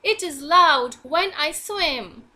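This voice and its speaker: A fussy little storybook frog, as a woman teacher puts him on, speaking in a high, lilting voice with a wide swing of pitch. He is polite but keeps complaining. The tone is bright and clear. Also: animated, slow, full character voice.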